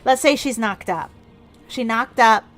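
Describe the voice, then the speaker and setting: A woman's voice: on the high side, a bit bright, soft background music. A woman giving jokey, rambling commentary while streaming a video game. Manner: jokey, rambling, quick asides.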